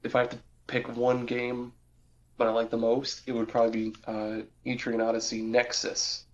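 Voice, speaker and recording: A man's voice: medium pitch, completely flat delivery, moderate pace, dull audio. A young man co-hosting a casual podcast, rambling with lots of restarts and fillers. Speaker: podcast co-host. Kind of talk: casual chat.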